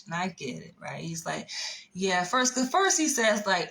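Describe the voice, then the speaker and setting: Slow-talking woman telling a story. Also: on the high side, sing-song, a bit bright, poor audio. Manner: chatty, laughing, frequent asides and "right?". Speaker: vlogger. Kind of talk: casual storytelling.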